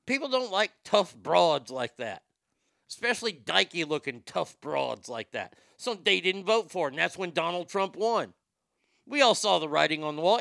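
A man's voice: sits high, vocal fry, pushed and bright, dry recording, clean studio sound. A male show host delivering profane, sarcastic political commentary, with boastful asides.

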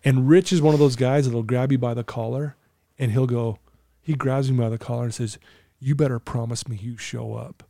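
A man's voice: medium pitch, steady tone, moderate pace, creaky, mellow, no echo, clean studio sound. A middle-aged man telling a personal story in casual conversation, earnestly acting out the dialogue. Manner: earnest, acts out quoted dialogue. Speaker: guest telling his story.

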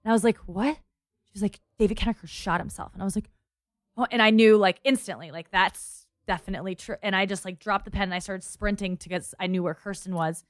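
A woman's voice: mid-range voice, steady tone, fast, no room sound. Woman telling a story, dry close sound. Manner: storytelling, quoting people in her tale. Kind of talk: casual chat.

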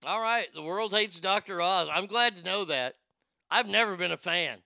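This show host has a bright, high voice with a gravelly edge, and his intonation is lively at a normal speed. He riffs bluntly on posts he reads out, cursing freely and joking throughout a casual commentary program, recorded dry and smooth without room sound.

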